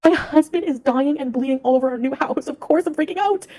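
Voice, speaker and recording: A woman playing a panicked wife on an emergency call in a comedy skit. Her voice sits high and mellow, frantic and exasperated as she pleads for help. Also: fast talker, close to an everyday voice. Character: panicking wife of a dying man. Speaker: skit actor.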